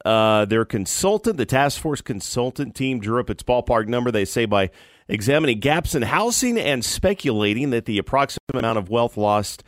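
A man's voice: mid-range voice, expressive, moderate pace, dry recording, studio quality. Plain-spoken male radio co-host. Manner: brief replies, reads news items plainly. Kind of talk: casual radio talk.

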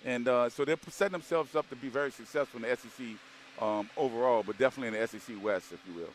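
A man's voice: medium pitch, rapid-fire, a little hiss or hum. A man co-hosting a sports radio show, rambling casually, repeating words and leaning on fillers. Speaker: co-host.

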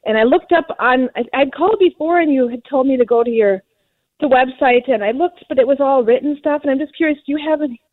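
A woman's voice: high-pitched, fast talker, no room sound. A woman calling in to a radio show, asking her questions hesitantly with many ums. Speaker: caller. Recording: tinny phone line.

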